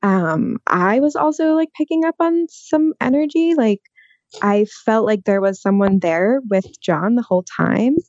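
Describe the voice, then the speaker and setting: A woman who is a guest on a casual podcast, speaking calmly and reflectively, pausing with "um" and "like". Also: mid-range voice, dry recording. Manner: calm, reflective, halting with "um" and "like". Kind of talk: casual chat. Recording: dull, dry, lo-fi sound.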